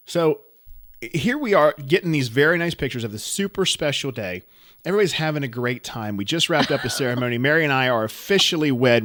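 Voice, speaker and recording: A man's voice: mid-range voice, no echo. Riled-up male storyteller, dry sound. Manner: animated storyteller, gets loud and riled up. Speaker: podcast co-host. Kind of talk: casual chat.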